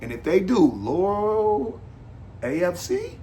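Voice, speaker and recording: This podcast host's high voice swings widely in pitch, and his tone is dark and his pace slow as he delivers a rambling, emphatic, repetitive casual monologue. A slight hiss or hum is audible.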